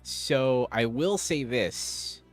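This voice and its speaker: A man's voice: mid-range voice, animated, drawn-out words, soft background music. Chatty man on a livestream. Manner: rambling, chatty, answering viewers' chat. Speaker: live streamer. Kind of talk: casual livestream chat.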